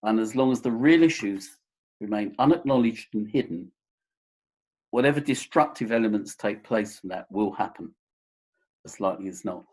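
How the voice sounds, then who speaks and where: A man, a counsellor, explaining pastoral listening in a recorded teaching seminar, gentle and full of examples. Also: on the low side, animated, moderate pace, breathy edge.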